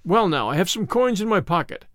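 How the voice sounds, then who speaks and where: A man voicing an eager, excitable man at a seance who gets a little flustered, in an audiobook reading. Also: high voice, brisk, no echo, studio quality. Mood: excited.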